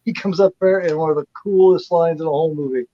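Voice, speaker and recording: Co-hosting a laid-back film review livestream, a man retells scenes in a meandering way, full of fillers and restarts. His voice is a little high, quick, and mellow, captured with a dull, dry lo-fi sound and no room echo.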